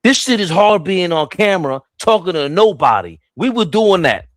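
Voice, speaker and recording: Excitable man calling a live game. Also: sits high, moderate pace, dry recording. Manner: excitable, voice jumps up when the action heats up. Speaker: live play-by-play streamer. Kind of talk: casual live play-by-play commentary.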